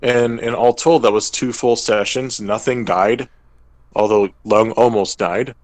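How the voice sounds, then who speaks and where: A man's voice: medium pitch, fairly even intonation, a little slow, no echo, poor audio. A young man, podcast co-host and game master, casually recapping a tabletop game and briefly acting out characters' lines.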